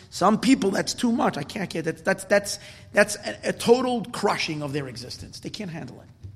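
A man's voice: high-pitched, animated, moderate pace, a bit bright, husky. A man giving a spoken Torah class, earnest and emphatic, often repeating words as he explains. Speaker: Torah teacher. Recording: long hall reverb.

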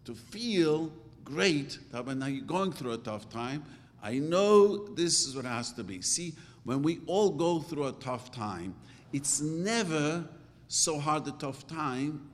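A man's voice: lively intonation, slow. A middle-aged man giving a religious class, talking in a conversational way and acting out quoted thoughts. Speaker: religious teacher. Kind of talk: Torah class lecture. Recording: reverberant hall with faint rumble.

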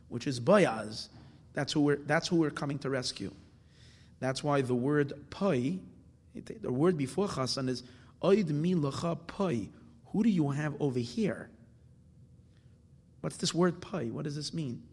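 A man explains Torah verses in a class, his husky, somewhat breathy voice sitting at medium pitch. Posing his own questions and answering them, he blends Hebrew terms into his English, with fillers and restarts. The recording has a long reverb, like a big hall.

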